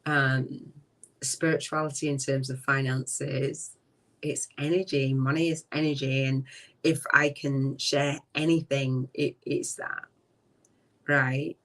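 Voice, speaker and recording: A middle-aged woman hosting a live-streamed spiritual talk from a relative's home. She speaks slowly and reflectively, trailing off and often dropping to a soft voice. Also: extremely low pitch, level tone. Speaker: podcast host. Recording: voice distant from the mic.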